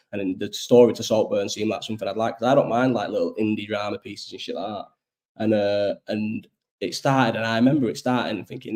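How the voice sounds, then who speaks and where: A man's voice: on the low side, a little mellow. A young man hosting a casual live chat, rambling and swearing freely, ill with a cough. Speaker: host.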